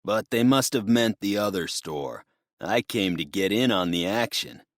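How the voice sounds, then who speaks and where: A man's voice: lowish voice, lively intonation, unhurried, no echo, studio quality. A man voicing a twitchy, drug-addled male robber with an axe, talking in a menacing, unhinged way. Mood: sneering.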